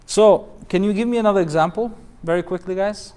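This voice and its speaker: A man's voice: sits high, fairly quick, darkish tone, clean tone. A man, an imam, teaching a Quran recitation class, patiently explaining rules, quizzing students and chanting the verses melodically.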